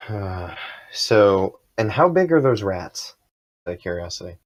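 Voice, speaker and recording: A man's voice: low-pitched, big pitch swings, unhurried. A man playing in a tabletop game, describing his character's actions and asking curious, tentative questions. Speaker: player.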